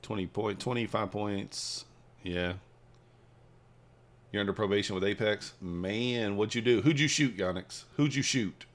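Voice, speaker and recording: A man hosting a trading livestream, casually reading and answering viewer chat while he trades, swinging between hyped shout-outs and quiet muttering. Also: on the low side, measured pace. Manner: hypes viewers, reads chat aloud, shifts from excited shouts to mumbling. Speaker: livestream host, futures trader.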